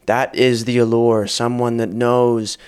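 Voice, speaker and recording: A man's voice: mid-range voice, level tone, a little slow, darkish tone, clean tone. A man hosting a podcast, chatting casually in an earnest, reflective and wry way about spirituality. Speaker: podcast host.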